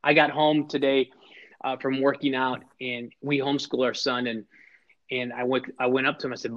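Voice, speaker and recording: A middle-aged man, appearing as a podcast guest, recounts personal stories in a mid-range voice with little pitch movement and normal speed. He speaks earnestly and with emphasis, often restarting sentences and repeating words at their start, and the lo-fi recording is slightly dull.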